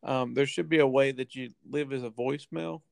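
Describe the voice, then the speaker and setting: A man's voice: mid-range voice, steady tone, brisk, vocal fry, dry recording. A man co-hosting a podcast in casual chat, laid-back and full of fillers and restarts. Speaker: podcast co-host.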